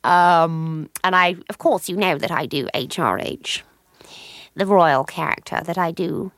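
A woman's voice: on the low side, measured pace, fairly bright tone, no echo. A woman with an English accent, a comedian and author being interviewed, chatting in a giggly way. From England. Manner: chatty, giggly, slips into voices. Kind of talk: casual interview chat.

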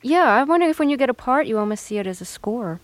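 A woman hosting a radio interview, asking measured, probing questions with small hesitations. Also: fairly high pitch, lively intonation, dry recording. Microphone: studio microphone.

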